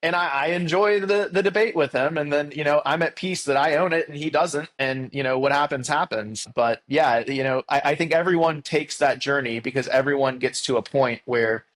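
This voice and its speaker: A man being interviewed at a conference, talking in a loose, animated way with many fillers and restarts. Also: on the high side, normal speed, few pauses. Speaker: guest. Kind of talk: conversational interview. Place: conference venue.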